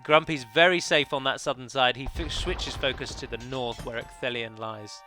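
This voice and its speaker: A man with a mid-range voice provides commentary on his own multiplayer strategy match, talking at a normal speed in a steady, bright, forceful tone. He's chatty and analytical as a let's play commentator, often correcting himself mid-sentence, with soft music playing in the background.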